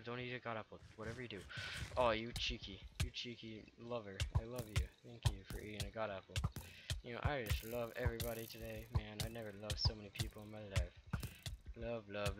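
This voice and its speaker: A man hosting a gaming channel, giving let's play commentary with excitable, trash-talking banter aimed at his opponents. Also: fairly low pitch.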